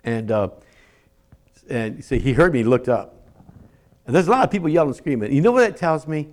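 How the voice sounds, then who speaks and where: Speaking briskly and animatedly in a mid-range voice, an older pastor preaches, repeating words for emphasis and ranging from loud shouts to near-whispers.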